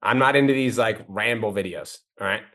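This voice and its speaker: A man coaching a guest with blunt, profane, rapid-fire critique. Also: fairly low pitch, a bit bright.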